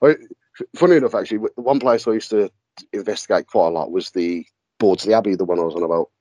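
A paranormal investigator appears as a podcast guest, talking quickly in a fairly low voice. He's an animated storyteller who laughs often and swears casually. The recording is rough, with no room sound.

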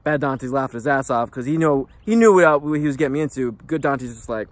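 A man vlogging, telling a candid personal story in a profane, animated, rambling way. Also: medium pitch, fairly quick, hardly any pauses.

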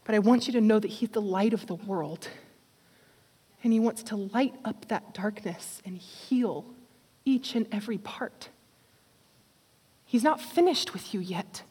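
Woman preacher, high voice, fervent sermon delivery with soft intimate drops, long hall reverb. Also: moderate pace, long pauses. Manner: passionate, rising to fervent exhortation and dropping to quiet intimacy.

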